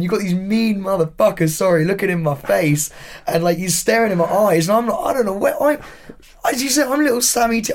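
A man in his thirties with an English accent, a podcast guest telling animated stories in casual chat and swearing freely. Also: mid-range voice.

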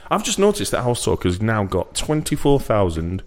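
A man's voice: fairly low pitch, moderate pace. A man co-hosting a casual podcast chat, teasing and joking. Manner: jokey, teasing, animated, does silly voices. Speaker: podcast co-host.

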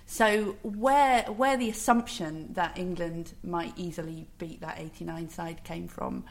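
A woman on a podcast panel, speaking quickly and thoughtfully as she works through figures. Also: on the low side, vocal fry. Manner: quick, thoughtful, citing stats. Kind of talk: casual chat.

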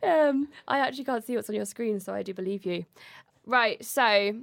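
A woman's voice: medium pitch, moderate pace, vocal fry, fairly bright tone, no echo, studio quality. A woman co-hosting a podcast in casual chat, giggling often as she presents facts she has researched, recorded remotely over a video call. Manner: giggly, chatty, laughs through her facts.

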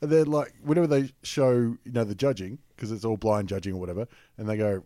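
A man's voice: on the low side, quick pace, hardly any pauses, dark tone, dry recording. Australian guy, podcast host, easygoing banter, dry close sound. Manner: joking, laid-back, swears casually. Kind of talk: casual chat.

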